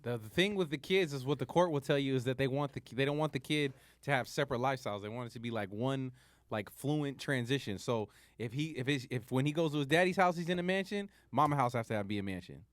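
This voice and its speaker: A man on a podcast teases his co-hosts with wisecracks, and his pitch moves freely between high and low. The recording is dry and close to the mic. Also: expressive, fast talker, no echo. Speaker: podcast co-host. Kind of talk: casual chat.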